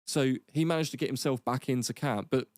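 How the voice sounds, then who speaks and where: A man, an army veteran guest telling rapid, sweary, laughing anecdotes in a casual podcast chat. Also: mid-range voice, steady tone, no echo, clean studio sound.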